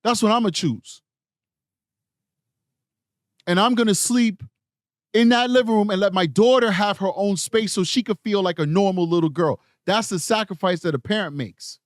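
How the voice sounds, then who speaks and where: Male streamer host, higher register, emphatic and repetitive, dead dry room. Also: moderate pace, long pauses, dry recording. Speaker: true crime livestream host. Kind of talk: casual commentary, reading live chat.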